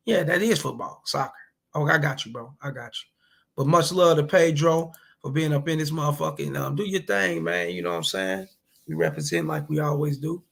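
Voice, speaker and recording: A man with a slightly high, gravelly voice hosts a relaxed livestream. He talks loosely and profanely in slang and speaks straight to the viewers in his chat, as if catching up with friends. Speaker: livestream host talking to chat.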